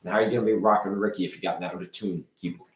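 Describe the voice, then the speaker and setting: A man's voice: low voice, steady tone, rapid-fire, reverberant, background noise, close to an everyday voice. A man voicing Rockin' Ricky, a brash male rock keyboardist showman, boastful and hyped, in improv comedy. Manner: boastful, hyped, sound-effect heavy.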